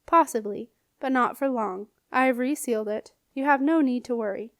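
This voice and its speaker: A nervous but dutiful young clerk speaks in a businesslike, matter-of-fact way, as a woman reader puts him on. The voice is a bit high and the recording is close and dry. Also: normal speed, a bit bright, no room sound.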